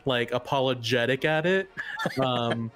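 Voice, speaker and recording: Polite, halting male tabletop player. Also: medium pitch, a bit bright. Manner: polite, halting, reads rules aloud. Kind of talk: casual tabletop play.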